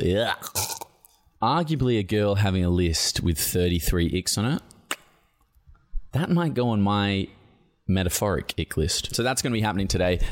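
A young man hosting a casual solo podcast, rambling and self-deprecating as he talks through his week. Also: deep voice. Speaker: podcast host.

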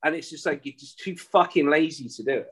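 An English man hosting a podcast, chatting casually with a sweary, rambling, animated way of telling stories. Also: fairly high pitch, fast, husky, rough recording. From England. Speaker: podcast host. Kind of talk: casual chat.

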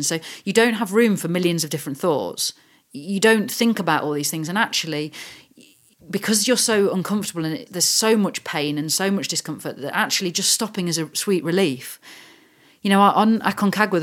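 A woman in her thirties from the UK with a low voice, talking in a relaxed interview. She tells her story earnestly and with energy, acting out her own thoughts as she goes. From United Kingdom. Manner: earnest, animated storytelling with quoted inner thoughts. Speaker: guest adventurer. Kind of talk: casual interview chat.

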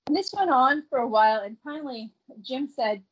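A middle-aged woman telling a family story in a casual, animated way, acting out the quoted voices as she goes. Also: sits high, moderate pace, slightly rough. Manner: animated, acts out the quoted voices, laughs between lines. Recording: dull lo-fi recording.

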